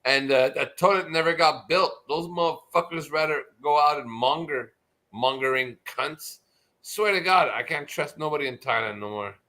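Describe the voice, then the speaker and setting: A man's voice: a little high, moderate pace, sharp tone. A drunk man hosting a casual livestream chat, rambling and swearing constantly with slurred words. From United States. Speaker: livestream host.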